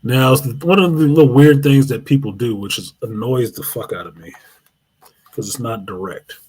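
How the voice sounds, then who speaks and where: A man hosting a live show, telling a long, profane story in an animated way. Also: mid-range voice, moderate pace, slightly rough. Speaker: host.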